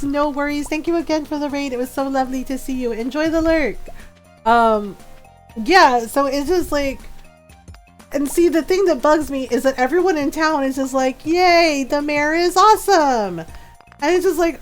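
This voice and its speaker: A woman streaming from home, chatting casually with viewers, greeting them by name and breaking into giggles as she talks. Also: high voice. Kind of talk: casual live-stream chat. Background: faint background music.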